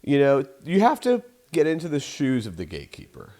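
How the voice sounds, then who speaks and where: A young adult man, a sales trainer hosting a show, gives casual, profane, rambling sales advice and acts out phone calls in different voices. His slightly high voice swoops wildly in pitch, with a somewhat fast pace and a darkish tone.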